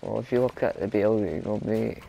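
Young man, casual gaming banter, mellow voice, teasing laughs, faint background noise. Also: lowish voice, steady tone, brisk, creaky, poor audio. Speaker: gamer recording his gameplay.

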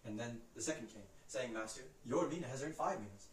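A man reciting Bible passages from memory in a brisk, steady way, lifting his voice for the quoted cries. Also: mid-range voice, roomy sound, recorded from a distance, slight background noise, low-quality recording. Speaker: Scripture reciter.

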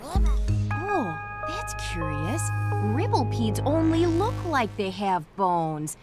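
A woman's voice: fairly high pitch, sing-song, slow pace. A woman voicing a cheerful female creature archaeologist in a video game, with a Minnesotan accent and folksy manner. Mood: cheery. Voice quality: folksy, upbeat. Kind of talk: video game character dialogue. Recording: game audio with music behind.

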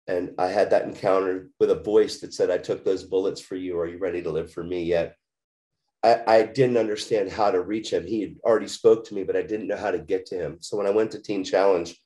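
Low mellow-voiced guy, earnest, lots of restarts, telling his story in an interview. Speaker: guest. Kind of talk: testimony in an interview.

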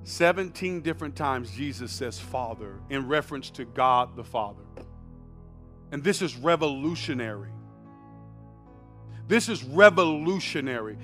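An American man preaching a sermon as pastor, shifting from quiet conversational asides to loud shouted emphasis and often repeating words as he restarts phrases. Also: mid-range voice, expressive, unhurried, pauses often, faint music behind. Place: church sanctuary.

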